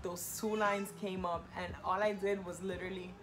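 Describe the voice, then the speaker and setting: A young woman telling a personal story in a casual, animated way. She talks in slang, fills her talk with "like", and voices the people in the story. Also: moderate pace. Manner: animated, quotes herself and others with rising pitch; heavy use of "like", slangy. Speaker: vlogger.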